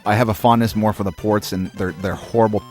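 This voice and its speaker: A man's voice: on the low side, steady tone, quick pace, a little mellow, soft background music. A man from Maine in his thirties, hosting a retro game playthrough and rambling through casual, profane, wry commentary. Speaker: host. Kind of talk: casual let's-play commentary.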